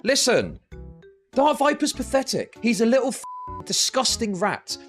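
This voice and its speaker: A man's voice: very high voice, very animated, measured pace, a bit bright, soft background music. A man hosting a live stream, ranting and mocking in a profane, laughing way while reacting to clips. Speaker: streamer host.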